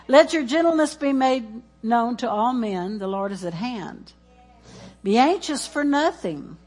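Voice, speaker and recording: A woman's voice: a little high, lively intonation, a little slow, darkish tone, faint music behind. A woman preaching in church, exuberant and laughing as she chants scripture and calls out praise. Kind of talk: sermon.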